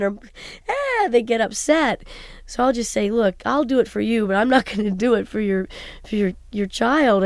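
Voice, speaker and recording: A voice actress being interviewed, telling stories in an animated way and laughing often. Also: female voice, fairly high pitch, no echo, clean studio sound. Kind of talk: casual interview talk.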